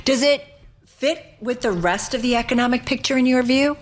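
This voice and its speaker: A woman anchoring a financial news program, asking questions in a conversational, brisk way. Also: high-pitched. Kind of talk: live financial news hosting.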